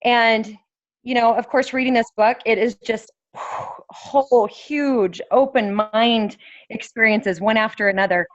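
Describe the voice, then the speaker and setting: A woman sharing earnestly on a group call from her phone, her voice hoarse from yelling. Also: on the high side, steady tone, a little slow, no echo. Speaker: team member on a group call. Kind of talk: casual sharing on a video call. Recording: dull lo-fi phone audio.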